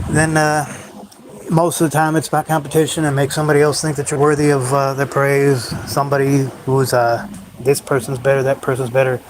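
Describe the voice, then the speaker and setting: A man's voice: a little high, background noise. A man hosting a solo livestream, rambling in a brooding, bitter way about life. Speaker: livestream host.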